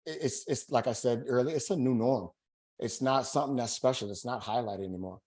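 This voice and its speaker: Guy pitching his real estate course on a webinar, casual and pumped, lots of "right?". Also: brisk, a little mellow. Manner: casual, tags sentences with "right?"; emphatic, slangy hype.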